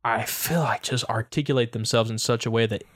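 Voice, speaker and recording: A young man co-hosting a podcast, chatting casually in an animated, rambling way with lots of restarts. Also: medium pitch, brisk. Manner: animated, rambling, trying on accents. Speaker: podcast co-host. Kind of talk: casual chat.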